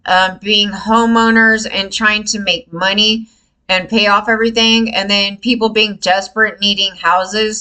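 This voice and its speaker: Fast-ranting bright-voiced woman vlogger. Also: mid-range voice, low-quality recording. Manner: frustrated, animated, swears freely, quotes others in raised voice. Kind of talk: casual ranting to camera.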